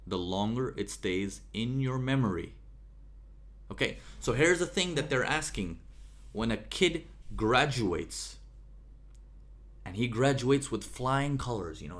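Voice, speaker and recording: A man giving a motivational talk, energetic, with sudden jumps in volume and frequent "okay?" checks. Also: mid-range voice. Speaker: motivational speaker.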